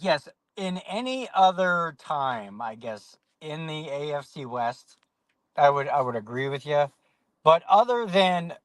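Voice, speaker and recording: Male podcast host, casual and rambling, higher voice, dry sound. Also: a bit bright, smooth, no room sound. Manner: rambling, many fillers and restarts. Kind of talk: casual sports podcast chat.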